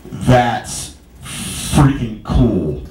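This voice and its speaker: Male stand-up comedian, stammering storyteller, animated pitch, roomy bar echo. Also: drawn-out words. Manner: rambling, stammering storytelling with crowd asides. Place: small bar stage. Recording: echoey bar room.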